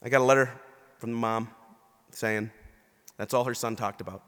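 Bishop preaching in a reverberant church. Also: male voice, medium pitch, steady tone, normal speed, a bit bright. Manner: storytelling, acting out quoted people. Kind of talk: sermon. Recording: long reverb of a large hall.

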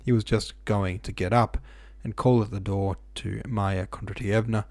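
Low, mellow-voiced male narrator. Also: steady tone, normal speed, dry recording. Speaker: audiobook reader. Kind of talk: novel narration.

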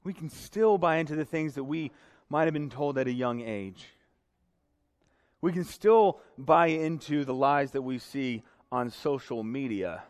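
A young pastor preaches a sermon to his congregation in a church sanctuary, earnest and emotional. His mid-range voice is unhurried, and the hall is reverberant.

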